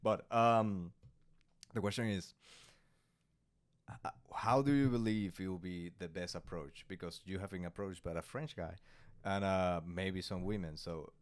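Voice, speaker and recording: Man, Spanish accent, low voice, podcast host, halting, repeats words, laughs a lot. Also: smooth. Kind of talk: casual chat.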